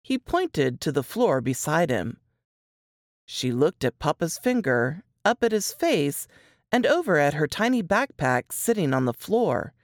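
Low-voiced woman reading a story slowly. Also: no room sound, studio quality. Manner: expressive, measured storytelling. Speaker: author reading her story. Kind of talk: dramatic fiction reading.

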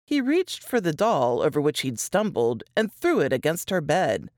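Woman author, story reading, low voice, unhurried, expressive, dry close recording. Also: no room sound. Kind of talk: dramatic fiction reading.

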